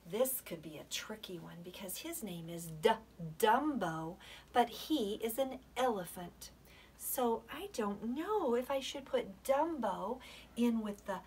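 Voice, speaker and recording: A woman teaching a preschool lesson, sounding out letters slowly with playful gasps and soft asides. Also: mid-range voice, slight background noise. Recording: voice from a distance.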